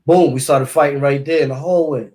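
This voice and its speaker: A man's voice: mid-range voice, steady tone, fairly quick, darkish tone. Man with a New York accent telling a story. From East New York, Brooklyn. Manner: loose street slang, repeats words and sound effects. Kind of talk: casual storytelling.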